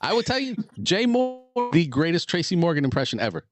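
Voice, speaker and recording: A man's voice: on the high side, very animated, fairly quick, over music. A man co-hosting a podcast in casual chat, telling stories with frequent laughter. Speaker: podcast co-host.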